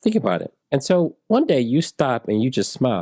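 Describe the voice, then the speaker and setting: A man in his forties, an interview guest, telling stories in a relaxed way and acting out the people in them. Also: mid-range voice, fairly quick, husky, no echo, clean studio sound. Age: 40s. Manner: animated storyteller who acts out dialogue in raised voices. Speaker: interview guest, software engineer.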